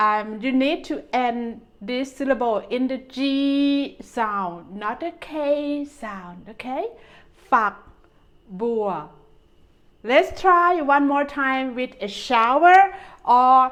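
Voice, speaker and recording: A woman with a Thai accent teaching vocabulary to beginners, speaking clearly and patiently and drawing out each syllable. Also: high-pitched, fairly bright tone. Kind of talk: friendly vocabulary lesson with slow repeated pronunciation.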